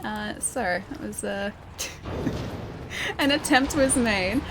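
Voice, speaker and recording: A woman's voice: mid-range voice, takes it slowly, pauses often, background noise. A young Australian woman streaming a game, chatting casually with her chat and thanking viewers between fights, with plenty of ums and uhs. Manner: chatty, reads out and thanks chat, many fillers. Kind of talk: casual live-stream chat while gaming. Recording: game music playing behind.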